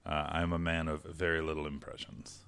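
A man's voice: rumbling low, level tone, normal speed, creaky, fairly bright tone, clear, resonant tone. A man co-hosting a podcast in casual, joking banter, goofing around and trying silly voices. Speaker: podcast co-host.

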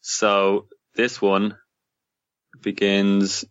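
Very deep, flat-voiced man. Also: very slow, clear, resonant tone, dry recording. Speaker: podcast co-host. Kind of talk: casual chat reviewing TV episodes. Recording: dull, muffled, dry mic.

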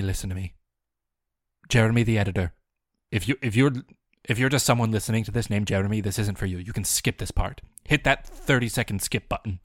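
A man hosting a comedy podcast, rambling deadpan through a made-up film recap and breaking into mock-angry rants. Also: on the low side, no echo, studio quality.

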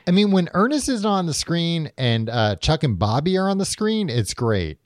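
A man co-hosting a podcast in casual chat, animated and quick to laugh, swearing now and then. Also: fairly high pitch, no room sound, studio quality. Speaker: podcast co-host.

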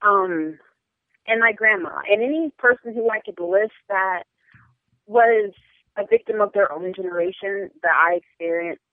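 A woman's voice: medium pitch, unhurried. A young woman speaking frankly and earnestly as a podcast guest, her talk full of "like" and "um". Her voice comes through a tinny, narrow phone line. The sound is dry and close, with no room echo. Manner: earnest, frank, many fillers like "like" and "um". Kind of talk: personal storytelling interview. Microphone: phone or call line.

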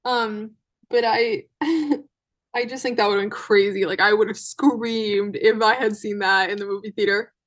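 A woman hosting a solo podcast recap, talking in a chatty, excitable way with lots of fillers. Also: medium pitch, normal speed. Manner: chatty and excitable, many fillers, frequent laughs. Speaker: podcast host.

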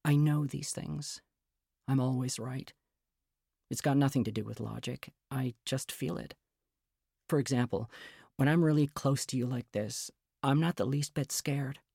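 A man reading the part of a fragile, anxious young woman in a storybook reading, earnest and quietly pleading. The voice has a gravelly, fry-edged grain at a middling pitch. The sound is dry and close, with no room around it. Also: measured pace, no echo. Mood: reassuring. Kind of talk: audiobook character reading.

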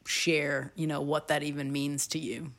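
A woman's voice: deep voice, little pitch movement, moderate pace. A woman co-hosting a casual chat, supportive, drawing out the other speaker with questions.

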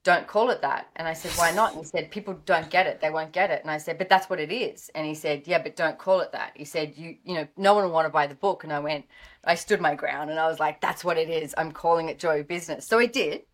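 A middle-aged Australian woman, a guest author, telling animated stories and acting out the dialogue. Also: fast. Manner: lively, acts out quoted dialogue with pitch jumps. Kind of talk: animated storytelling in interview.

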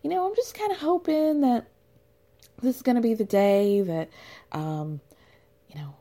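A woman voicing a weepy, passive-aggressive middle-aged mother who talks in a high, simpering, teary way. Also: animated, measured pace, dark tone. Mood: wheedling.

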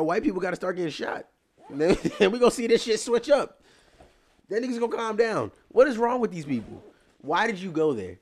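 A young man hosting a casual podcast, ranting animatedly and getting loud when worked up, then settling low and quiet to tell a story. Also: big pitch swings, normal speed. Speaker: podcast host.

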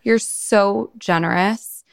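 A woman with a gravelly, fry-tinged voice at a middling pitch, encouraging her co-host in a relaxed podcast conversation. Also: slow pace. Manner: supportive, affirming listener. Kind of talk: casual podcast chat.

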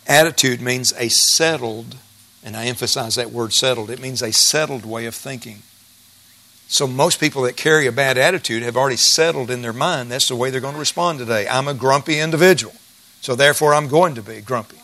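A man's voice: mid-range voice, fairly quick, sharp tone. A middle-aged male pastor preaching a sermon in a folksy, emphatic way, repeating key phrases.

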